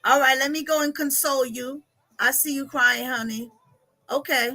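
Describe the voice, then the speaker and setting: A woman's voice: high-pitched, fairly even intonation, moderate pace, bright, forceful tone, faint music behind, poor audio. A middle-aged woman, coaching viewers on a live stream, emotional and often laughing through tears as she reads their comments. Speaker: life coach.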